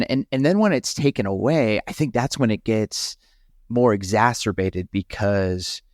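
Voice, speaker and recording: A middle-aged man, a pastor talking as a guest on an interview podcast, speaking earnestly and haltingly with frequent restarts. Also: on the low side, a little mellow, no echo, studio quality. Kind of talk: reflective conversational interview.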